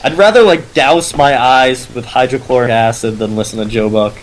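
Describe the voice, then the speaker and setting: A young man co-hosting a casual podcast, crude and animated, ranting and joking with friends. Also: medium pitch, normal speed, slight background noise, poor audio. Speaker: podcast co-host. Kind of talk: casual chat.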